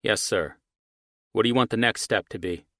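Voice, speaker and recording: A man's voice: on the low side, moderate pace, a bit bright, no room sound, clean studio sound, pitched above the performer's own voice, close to an everyday voice. A man voicing a scheming male character who talks on the phone in a clipped, businesslike way. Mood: tense.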